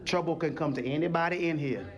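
With background noise audible, a man with a slightly high voice preaches fast. The pastor animates his sermon in the sanctuary by voicing characters in little scenes and calling on the congregation to answer.

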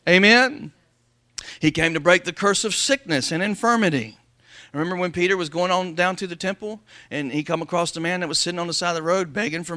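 A man preaching a sermon as pastor to his congregation, calling for amens and reading scripture slowly and loudly. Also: on the high side, no room sound. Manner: preaching with call-and-response, slowing and rising to read scripture. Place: church sanctuary before a congregation.

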